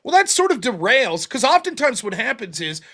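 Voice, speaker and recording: A man's voice: very high-pitched, moderate pace. A man hosting a show, recapping his own debate in a casual, mocking way, often quoting his opponent. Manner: animated, mocking, quotes opponents in put-on voices.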